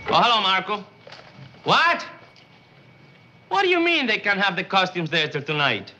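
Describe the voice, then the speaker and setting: Harried Cuban sitcom husband, high voice, noisy old TV audio. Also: male voice, animated, normal speed, bright, forceful tone, heavily acted. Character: hungry, harried male sitcom husband, bandleader. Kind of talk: 1950s sitcom acting. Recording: old TV audio with background noise.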